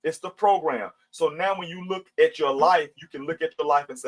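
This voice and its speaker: A middle-aged man teaches scripture in a conversational, preachy way. His voice sits slightly higher than most men's, and he reads the verses aloud and then explains them plainly. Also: brisk, low-quality recording. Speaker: Bible study teacher. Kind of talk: livestream Bible teaching.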